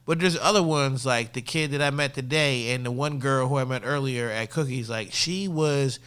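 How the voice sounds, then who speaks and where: A man co-hosting a relaxed, slangy chat, animated and laughing as he tells stories. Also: mid-range voice, moderate pace, smooth. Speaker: co-host. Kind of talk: casual chat.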